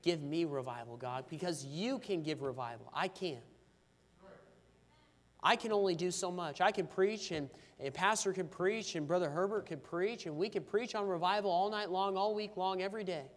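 A man's voice: sits high, normal speed, big-room sound. A man preaching a sermon, telling a story about his daughter and then pleading earnestly in prayer for revival. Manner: fervent, rising to pleading intensity in prayer.

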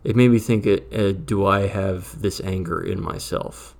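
A man's voice: sits low, fairly even intonation, unhurried, creaky, darkish tone. A man improvising a comic monologue as a jittery tavern keeper, rambling and often dropping to a nervous whisper. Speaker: storyteller playing a tavern keeper.

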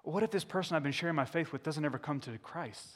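A man's voice: on the high side, fast. A man preaching a candid sermon as a pastor, putting questions to the congregation. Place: church sanctuary. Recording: echoey church hall.

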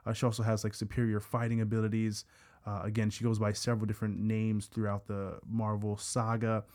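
A man's voice: fairly low pitch, monotone, fairly quick, darkish tone. Rambling man on a casual podcast. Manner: rambling, stammering restarts. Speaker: podcast co-host.

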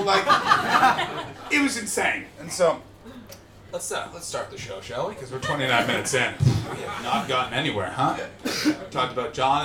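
Profane, ranting male comedian in an echoey room. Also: high-pitched. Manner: profane, ranting, swings from muttered asides to shouting. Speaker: comedian podcast host. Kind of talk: live comedy podcast, ranting stand-up chat. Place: live show venue with audience. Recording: echoey live venue.

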